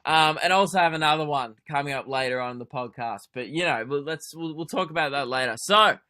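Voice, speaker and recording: A man's voice: on the high side, a little fast, pushed and bright, clean tone. A young Australian man hosting a comedy podcast, telling a sarcastic, sweary story. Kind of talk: comedic solo podcast rant.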